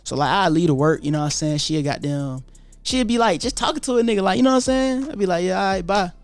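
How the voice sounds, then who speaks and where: A young man from tells his story in a loose, voice, talking a little high for a guy. He rolls through street slang and swearing and jumps into the voices of the people he talks about. Soft music plays under him. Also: quick pace, smooth, dry recording. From Atlanta, USA. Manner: animated, profane street slang, acts out quoted voices. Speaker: YouTuber telling his story. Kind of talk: casual storytelling monologue.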